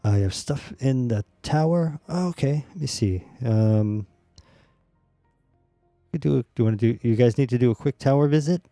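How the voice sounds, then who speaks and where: Mellow relaxed male gaming streamer. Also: mid-range voice, normal speed, no room sound, faint music behind. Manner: relaxed, rambling, many fillers. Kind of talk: casual gaming chat.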